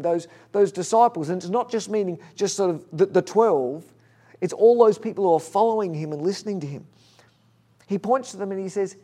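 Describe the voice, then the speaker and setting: A man preaching a conversational sermon, telling stories with lively restarts. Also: high voice, moderate pace. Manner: conversational, animated storytelling with restarts. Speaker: pastor.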